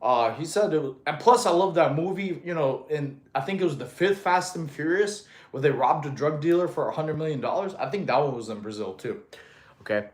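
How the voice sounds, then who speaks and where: Lively intonation and a brisk pace mark this fairly high male voice. He's a thirty-something Russian fitness coach chatting casually on a live stream, answering viewer comments while a bit breathless from exercise.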